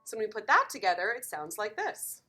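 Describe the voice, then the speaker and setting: A woman's voice: mid-range voice, sing-song, a little fast. A woman teaching piano in a lesson video, encouraging and counting beats aloud.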